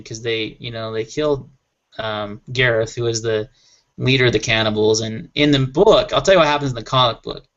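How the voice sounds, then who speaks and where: A man's voice: medium pitch, a bit bright. A man on a panel chat show, talking casually and with enthusiasm, rambling a little and laughing often. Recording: muffled lo-fi audio.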